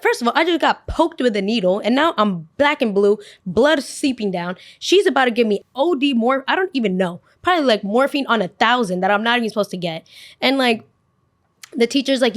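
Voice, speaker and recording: A young woman hosting a podcast, telling a story casually, swearing freely, animated and exasperated. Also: on the high side, quick pace. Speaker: podcast host.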